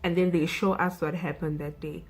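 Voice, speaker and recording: A woman's voice: low-pitched, little pitch movement, normal speed, breathy edge, low-quality recording. A young South African woman vlogger recapping a film in a chatty way, saying "like" and "you know" a lot.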